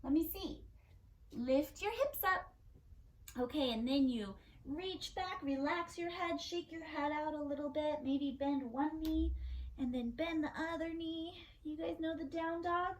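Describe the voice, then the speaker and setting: A young woman teaching a kids yoga class in a gentle, playful, encouraging way. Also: high voice, unhurried, poor audio. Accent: Californian.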